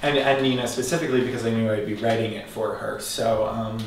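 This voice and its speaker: A man composer giving encouraging, halting feedback in rehearsal and speaking about his work. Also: fairly low pitch, fairly even intonation. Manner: halting, encouraging, restarts often. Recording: very echoey room, voice far from mic, faint noise.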